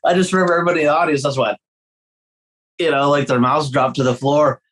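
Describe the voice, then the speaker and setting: A man telling tour stories with a lot of energy, his pitch jumping high whenever he acts out what someone said. He swears freely and laughs through his own stories, a musician in a loose podcast chat. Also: quick pace, a bit bright, low-quality recording. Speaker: guest guitarist.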